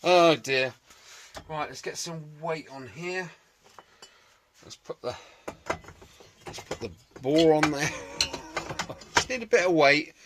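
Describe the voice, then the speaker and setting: A man's voice: fairly high pitch, slow, long pauses, very noisy. A man talking through a restoration job in his workshop, chatty and jokey, muttering to himself and swearing mildly. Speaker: restoration video maker.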